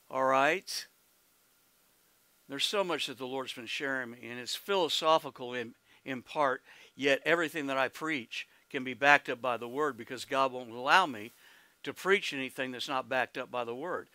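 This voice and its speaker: Folksy Oklahoman preacher, bright voice. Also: medium pitch, no room sound. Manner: folksy, exclamatory, peppered with hallelujahs and amens; laughs easily, calls out to congregation. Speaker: pastor. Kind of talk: sermon.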